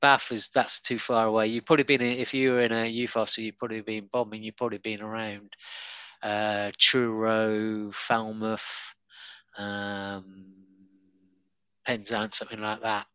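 A man talks in an animated, story-telling way, stumbling over fillers and restarts. His voice is bright and forward, and the sound is close and dry. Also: fairly low pitch, unhurried, clear, resonant tone, dry recording, low-quality recording. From Devon and Cornwall, England. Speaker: stand-up comedian. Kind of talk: casual conversation.

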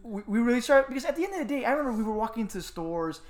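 A man co-hosting a casual chat podcast, telling stories with animated voices for the people in them. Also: very fast. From Miami. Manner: animated storyteller, acts out voices with big pitch jumps. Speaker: podcast co-host.

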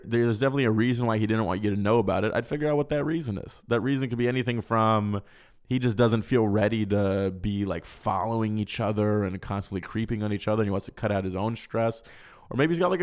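Young male podcast host with mid-range pitch, rambling and swearing through comedic dating advice. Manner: profane, rambling, jokey. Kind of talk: casual comedic advice monologue.

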